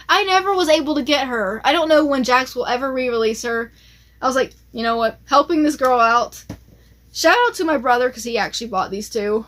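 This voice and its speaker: A woman chatting casually and excitedly as she shows off her collection, with plenty of fillers along the way. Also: high-pitched. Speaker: collector vlogger. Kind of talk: casual show-and-tell chat.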